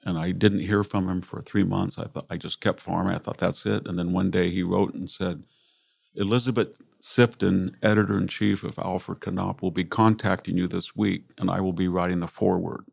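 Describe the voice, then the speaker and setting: Older man with a gravelly low voice. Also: fairly even intonation, moderate pace, a little mellow, no room sound, studio quality. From United States. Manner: reflective, anecdotal, voices relatives in quotes. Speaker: guest, classicist and military historian. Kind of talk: conversational interview storytelling.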